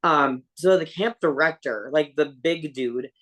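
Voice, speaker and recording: A woman with a deep, low-set voice tells her story as a podcast guest. She rambles casually, leaning on "like" and fillers and dropping blunt swear words along the way. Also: measured pace.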